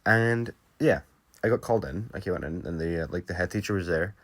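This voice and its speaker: A man's voice: low voice, a little fast, a bit bright. A young man telling a story time video in a casual, rambling way, full of fillers and swearing. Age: young adult. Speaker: YouTuber.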